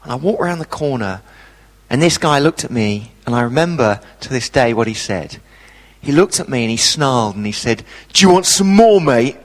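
A man preaching a sermon, telling a personal story with dramatic pauses. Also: medium pitch, lively intonation, in a large hall.

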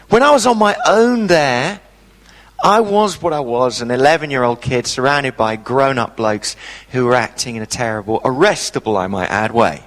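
A man preaching a sermon, telling a personal story with dramatic pauses. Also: high voice, a bit bright, in a large hall.

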